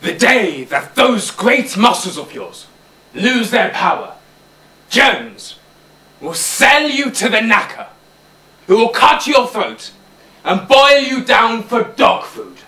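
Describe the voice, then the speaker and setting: A male drama student playing an old boar who stirs the farm animals to revolt, with fiery oratory, a rasping menace and shouted key words. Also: very high-pitched, animated, takes it slowly, exaggerated voice. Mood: menacing. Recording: roomy, distant mic.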